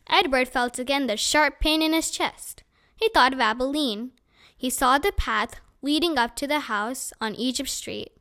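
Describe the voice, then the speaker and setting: A woman reading a children's chapter book aloud in a clear, expressive storytelling manner. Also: sits high, moderate pace.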